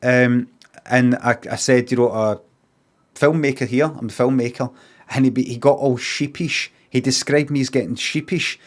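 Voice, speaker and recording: A Scottish man streaming, telling a story in a casual, sweary rant and acting out both sides of an argument in quick asides. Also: mid-range voice, little pitch movement.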